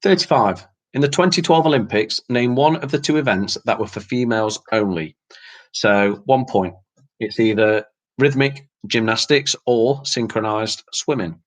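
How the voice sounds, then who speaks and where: A man's voice: mid-range voice, moderate pace. Man hosting a casual quiz. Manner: casual, chatty, laughs often, mild swearing. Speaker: quiz host. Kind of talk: reading out quiz answers on a livestream.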